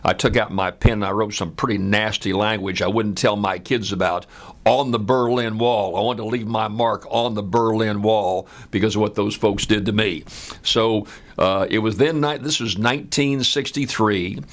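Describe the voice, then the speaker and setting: A man in his seventies from the United States, telling a personal story in an unhurried, conversational way with frequent "uh" fillers. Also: fairly low pitch, steady tone. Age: 70s.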